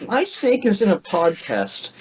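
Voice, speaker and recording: An excitable podcast co-host in casual banter. The voice swings widely in pitch and has a husky edge. Words tumble out with stammers and repeats. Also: unhurried, rough recording.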